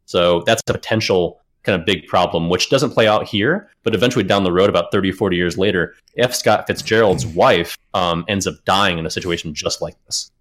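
A man's voice: deep voice, brisk, hardly any pauses, fairly bright tone. A man hosting a casual podcast, retelling a story, reading passages aloud and swearing casually. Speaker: podcast host.

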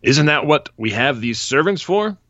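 A man's voice: on the high side, expressive, moderate pace, pushed and bright, dry recording, voice pushed up. A boastful middle-aged father from a storybook excerpt, pushy and full of himself, as a man reads him aloud. He talks in a raised, eager voice and complains when ignored. The recording is dry and slightly dull.

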